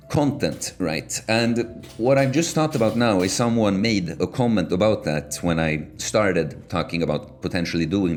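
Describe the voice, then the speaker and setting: A man hosting his own channel, talking alone in a room in a relaxed, rambling way that wanders off on side points. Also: low-pitched. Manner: relaxed rambling, self-correcting. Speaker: channel host. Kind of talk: casual solo talk.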